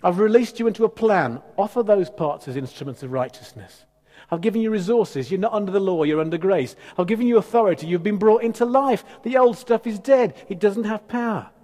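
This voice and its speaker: A man preaching a sermon as pastor, emphatic and animated with conversational asides. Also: high voice, brisk. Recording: long church hall reverb.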